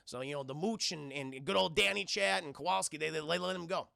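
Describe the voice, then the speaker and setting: A man's voice: fairly high pitch, brisk, creaky, bright, forceful tone, no echo, clean studio sound. A man casually recapping a movie for his livestream chat, rambling and profane, calling out to the chat every few lines. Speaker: film reviewer streaming live.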